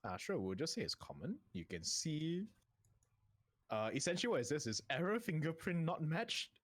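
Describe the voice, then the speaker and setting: A man's voice: fairly high pitch, very animated, moderate pace, no room sound. A man narrating as game master of a tabletop game, easygoing and laughing often.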